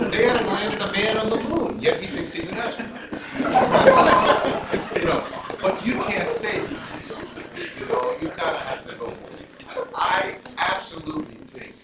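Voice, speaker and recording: A middle-aged man, a judge, talking casually with law students in a relaxed question-and-answer session, full of "you know" fillers and anecdotes. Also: fairly high pitch. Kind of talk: casual Q&A talk. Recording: roomy, distant mic, room noise.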